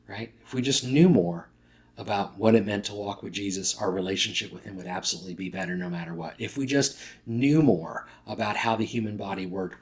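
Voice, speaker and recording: Speaking in a lowish male voice, a pastor preaches in a conversational style, now and then fixing a word midway and performing the lines he quotes.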